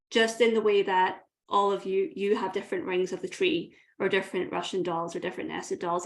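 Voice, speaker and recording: Earnest Scottish woman in her thirties. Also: mid-range voice. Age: 30s. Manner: earnest, vivid, uses imagery. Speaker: coach, podcast guest. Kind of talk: reflective personal storytelling.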